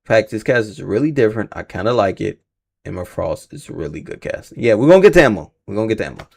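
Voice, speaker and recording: A man's voice: on the low side, sing-song, fast, gravelly. A man hosting a casual livestream reaction, rambling and slangy, swearing freely and stumbling over names. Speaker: livestream host reacting to casting news.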